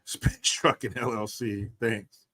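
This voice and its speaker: A man's voice: fairly low pitch, steady tone, slow, very noisy. A man hosting a casual livestream, reading out viewer donations and answering them in a blunt, profane, joking way. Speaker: livestream host.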